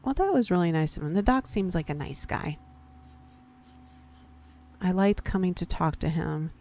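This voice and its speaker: A woman's voice: fairly low pitch, expressive, moderate pace, a little mellow. A woman casually commenting as she plays a story game, reading its text aloud, talking to herself and her viewers, and reacting with surprise. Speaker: gaming video host.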